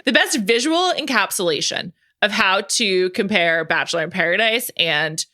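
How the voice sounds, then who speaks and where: A woman's voice: mid-range voice, lively intonation, moderate pace, pushed and bright, dry recording, studio quality. A woman hosting a podcast in casual chat, enthusiastic and talkative with lots of fillers. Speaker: podcast host.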